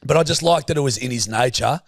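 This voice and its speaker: A young man co-hosting a podcast, swearing freely and laughing through his stories. His voice is mid-pitched and sounds dry and close, with no room around it. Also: fast, vocal fry, no room sound. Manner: swearing, storytelling, laughs often. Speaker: podcast co-host. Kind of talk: casual chat.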